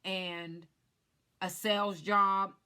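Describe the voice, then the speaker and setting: A woman's voice: mid-range voice, level tone, extremely slow, sharp tone, clear, resonant tone. A woman who works as a life insurance agent, casually telling viewers her personal story in a chatty vlog. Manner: chatty, speaks straight to viewers.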